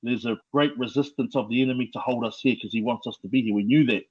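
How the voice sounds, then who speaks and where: A middle-aged man with a New Zealand accent, telling his life story as a podcast guest in a slow, reflective way with many fillers. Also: mid-range voice, a little mellow, husky, lo-fi sound. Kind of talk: personal testimony.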